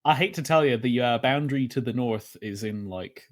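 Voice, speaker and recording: A man from England chatting casually who stammers over his words and keeps laughing. His voice sits in an ordinary middle pitch. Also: brisk. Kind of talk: casual banter.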